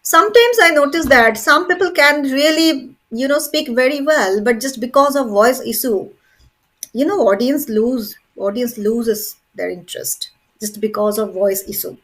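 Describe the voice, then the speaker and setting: Woman, teacher, high voice, lecturing, repeats okay. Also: moderate pace, a bit bright. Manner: repeats "okay" and "very important", drills points. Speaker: English teacher. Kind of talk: online class lecture.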